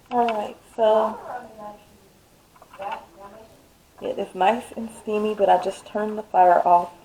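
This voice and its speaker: A woman with a mellow, warm voice talks casually to her viewers while she cooks, filmed on a phone camera in her kitchen. She keeps it chatty and easygoing. A faint hiss sits under the recording. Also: mid-range voice, creaky. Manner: chatty, addresses viewers as y'all. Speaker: cooking vlogger. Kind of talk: casual cooking demo. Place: home kitchen.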